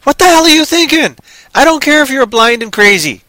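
A man rants in a casual podcast chat, sarcastic and worked up. His voice sits high and bright and swings widely in pitch. The sound is close and dry. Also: brisk, dry recording. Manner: animated, ranting, sarcastic. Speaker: movie reviewer.

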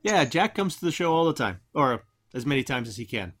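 A man's voice: medium pitch, sing-song, brisk, a bit bright. A man hosting an online show, chatting casually and joking as he rambles. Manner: jokey, rambling. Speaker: podcast host. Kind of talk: casual chat.

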